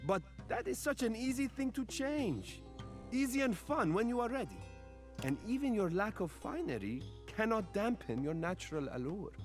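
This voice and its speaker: A man voicing a smooth, flattering mirror figure who coaxes the listener gently, in a video game. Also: high voice, exaggerated voice. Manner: soothing, flattering, gently probing.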